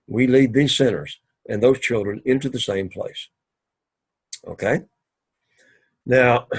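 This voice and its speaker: Husky-voiced man teaching a methodical class. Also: medium pitch. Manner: methodical, repeats and rephrases, pauses to clear throat. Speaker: Greek teacher. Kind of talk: recorded classroom lecture. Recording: recorded for an online class.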